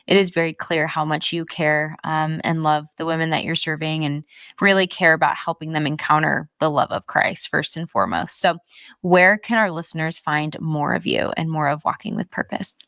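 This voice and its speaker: A woman's voice: low voice, steady tone, moderate pace, vocal fry, fairly bright tone, no room sound, studio quality. A woman in her twenties hosting a podcast in casual chat, chatty and full of "like". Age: 20s. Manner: chatty, filler-heavy with frequent "like". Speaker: podcast host.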